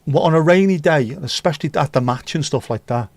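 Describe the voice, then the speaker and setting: A man's voice: on the high side, fast talker, dry recording. A man hosting a livestream, rambling through jokey, sweary anecdotes in casual chat. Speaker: livestream host.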